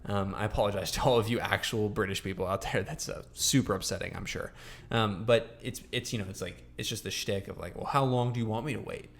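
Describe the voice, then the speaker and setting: A man's voice: fairly low pitch, quick pace, creaky. Rambling young man chatting. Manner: rambling, many fillers and restarts, animated. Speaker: podcast co-host. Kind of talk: casual chat.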